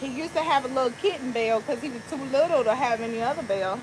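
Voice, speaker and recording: A woman's voice: sits high, fast talker. A woman barber chatting playfully with viewers and her dog while cutting hair, talking into a phone outdoors. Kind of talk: casual live-stream chat while cutting hair. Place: outdoor deck, windy. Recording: outdoor wind and ambient noise.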